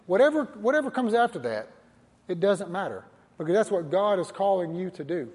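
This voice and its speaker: Male pastor with a husky, slightly high voice, preaching earnestly in a church hall with long reverb. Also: big pitch swings, a little fast, darkish tone. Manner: earnest, repetitive preaching with direct challenges to listeners. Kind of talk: sermon.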